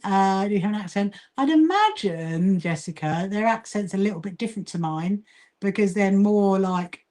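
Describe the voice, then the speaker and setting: A woman's voice: medium pitch, animated, normal speed, darkish tone. Southern english woman chatting on a sewing livestream, lots of ums, reads out viewer comments. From Brighton, England. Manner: chatty, reads and greets viewer comments, frequent fillers and laughs. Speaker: livestream host, quilting association founder. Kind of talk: casual livestream chat while sewing.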